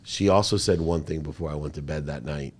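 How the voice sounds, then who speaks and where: A man who is a podcast guest, telling an emotional personal story in an interview with animated, emphatic delivery. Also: rumbling low, fairly quick, slightly rough.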